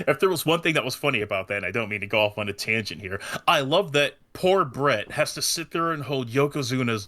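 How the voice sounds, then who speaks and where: A man in his thirties chatting casually as a podcast host, stammering and repeating words as he gets excited. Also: medium pitch. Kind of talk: casual chat.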